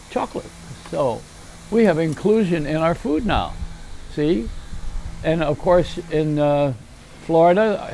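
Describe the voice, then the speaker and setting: A man's voice: on the high side, a little mellow, slight background noise. An older man hosting a rambling, self-mocking comedy monologue, chuckling at his own jokes. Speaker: host.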